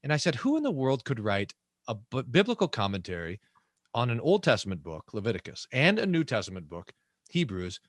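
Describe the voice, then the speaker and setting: A man, a pastor, hosting a long-form interview, speaking with enthusiasm and many halting restarts. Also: medium pitch, wildly swooping pitch, no echo, clean studio sound. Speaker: pastor and host.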